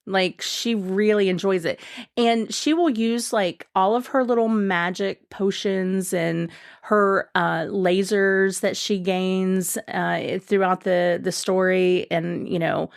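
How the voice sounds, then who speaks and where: A woman's voice: mid-range voice, fairly even intonation, slow pace, vocal fry, smooth. A woman guest on a podcast, chatting casually and enthusiastically, rambling with lots of fillers and restarts.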